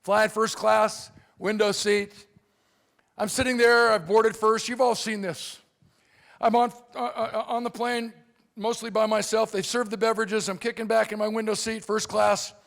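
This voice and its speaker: On stage in a convention hall, a middle-aged man gives a motivational keynote built on funny stories. He's animated, with a voice that's high-pitched for a man and rough around the edges, and he slips into quick voices to play the characters he quotes.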